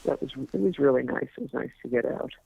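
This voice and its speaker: Older woman, gravelly voice, tinny phone line. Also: very deep voice, lively intonation, fast talker, a little mellow. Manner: rambling, hesitant, with many fillers. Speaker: parent on a recorded call. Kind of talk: casual phone chat.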